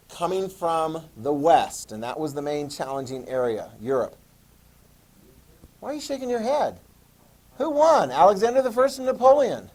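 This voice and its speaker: Male teacher lecturing a class; lively, joking, questioning students. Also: a little high, low-quality recording. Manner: animated, talks to students, jokes and asks questions. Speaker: history teacher.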